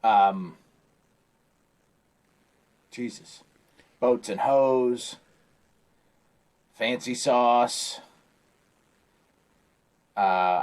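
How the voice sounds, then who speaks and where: A man's voice: mid-range voice, drawn-out words, long pauses. A man co-hosting a podcast in casual conversation. He talks in an easygoing, teasing way and drops in quotes from comedy movies. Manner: relaxed, joking, quotes movie lines. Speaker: podcast co-host. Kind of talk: casual chat.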